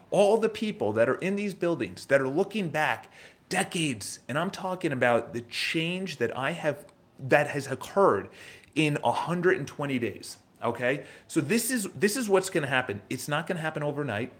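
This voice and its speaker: A man in his thirties with a New York accent, talking live to his audience in a casual, motivational way, repeating phrases and restarting sentences. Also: fairly high pitch. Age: 30s. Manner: energetic, conversational, repeats phrases, restarts often. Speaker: host of a live morning show. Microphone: live stream from his office.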